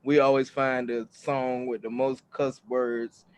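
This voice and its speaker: A man's voice: medium pitch, unhurried, smooth. A middle-aged man co-hosting a podcast, telling family stories in casual chat and acting out quotes with lots of laughter. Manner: animated storytelling, acts out quotes loudly, laughs often. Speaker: podcast co-host.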